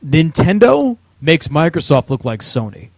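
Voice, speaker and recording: A man's voice: a little high, big pitch swings, measured pace, darkish tone, no room sound. A man with a New Jersey accent co-hosting a podcast, ranting about video games with heated, sweary, mocking talk. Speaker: podcast co-host. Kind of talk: profane ranting chat.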